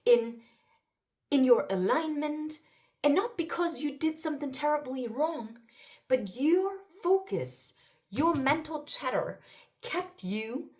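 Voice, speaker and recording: Excitable woman reading spiritual cards. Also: sits high. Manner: excitable, exclaiming, swings between murmuring and loud. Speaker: spiritual card reader. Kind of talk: intuitive card reading to viewers.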